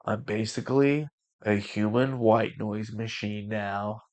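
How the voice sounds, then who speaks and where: A man's voice: lowish voice, fairly even intonation, slow, a little mellow. A man voicing a flustered, worn-out millennial father in a spoken parenting story, sounding exasperated.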